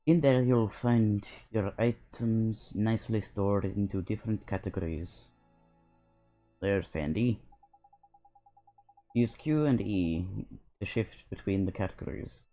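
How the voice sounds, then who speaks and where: Guy doing a fairy sidekick, lilting, slangy, bossy, lowish mellow voice. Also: slow pace, faint music behind. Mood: chatty. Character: cheeky chatty little male fairy sidekick. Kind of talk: game voice-over reading.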